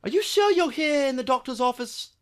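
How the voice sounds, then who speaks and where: A man doing a fussy, thin-skinned wizard with a put-on accent, lively in pitch and quick to take offence, in an improv comedy scene. The voice rises and falls widely, low and hushed when grumbling. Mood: uncomfortable. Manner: prim, easily offended, fussy. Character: ugly peeved wizard with a horn on the chest. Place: games venue.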